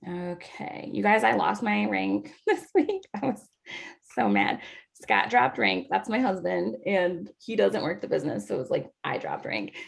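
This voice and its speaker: A woman leading a training call for new coaches, chatting loosely and filling pauses with "like" and "um". Her voice has a gravelly, fry-tinged edge at an average pitch. She sounds like she is talking into a computer mic on a video call. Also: big pitch swings. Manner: chatty, with many "like" and "um" fillers. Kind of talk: casual training talk over a video call.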